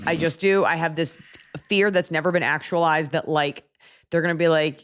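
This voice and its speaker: A woman hosting a podcast, telling a story in a casual, animated way with profane asides. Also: deep voice, fairly quick. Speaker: podcast host.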